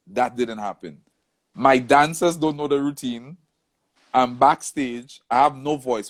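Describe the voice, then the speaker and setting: A man telling a long story in a casual interview and acting out the voices of the people in it. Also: medium pitch. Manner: animated storyteller, acts out quoted voices. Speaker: soca artist, interview guest.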